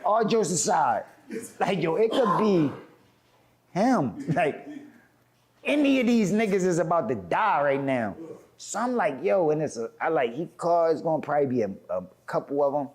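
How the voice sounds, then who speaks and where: A man with a Philadelphia accent telling a profane, animated story, acting out quotes with big swings in pitch and filling his talk with "like". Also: normal speed, slightly rough. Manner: profane slang, frequent "like". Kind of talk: animated anecdote.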